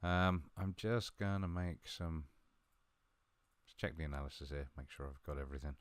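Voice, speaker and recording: A man talking through a football management game he is playing, chatty and a little mumbling, with sudden bursts of excitement. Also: a bass voice, moderate pace, no echo. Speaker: gaming video host. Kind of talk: live game commentary.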